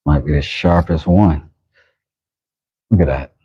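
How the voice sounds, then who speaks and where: A deep-voiced, husky man chats easily on a workshop livestream, greeting viewers and reacting aloud to what he is doing. His tone is warm and mellow, and the sound is dry and a bit dull, like lo-fi stream audio. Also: slow pace, no room sound. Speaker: livestream host and knifemaker. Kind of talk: casual livestream chat while working.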